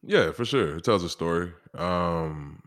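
Low-voiced, blunt male musician guest. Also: expressive, measured pace, a bit bright. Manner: blunt, dry humor, no small talk. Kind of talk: casual interview chat.

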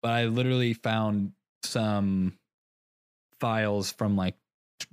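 Rambling young man, low dry voice. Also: fairly even intonation, takes it slowly, smooth, no echo. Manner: rambling, self-interrupting, laughing at himself. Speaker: podcast co-host. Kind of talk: casual chat.

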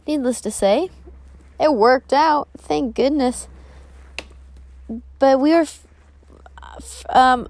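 A woman's voice: fairly high pitch, darkish tone, no room sound. A young woman hosting a podcast, sharing personal feelings in a candid, rambling monologue with restarts. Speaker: podcast host.

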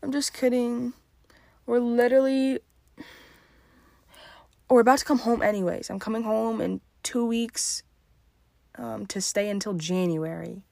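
A tired young woman talking calmly and softly in a casual solo podcast, late at night at home. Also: a little high, unhurried, creaky, long pauses, dry recording, studio quality. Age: young adult. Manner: calm and soft-spoken. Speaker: podcast host.

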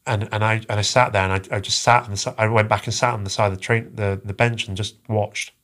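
A man telling a personal story as a podcast guest, halting and earnest, often repeating his words. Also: lowish voice, steady tone, fairly bright tone. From England.

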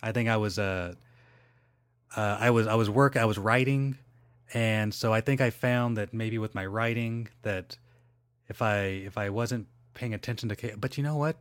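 A man's voice: fairly low pitch, normal speed, no room sound, studio quality. A man hosting a solo podcast, chatting casually in a rambling, digressive way with lots of fillers and self-corrections. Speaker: podcast host.

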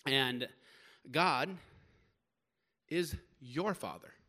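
A man preaching a sermon to young people, emphatic and conversational, swinging between loud stresses and quieter stretches, with casual slang. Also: mid-range voice, extremely slow. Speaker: pastor.

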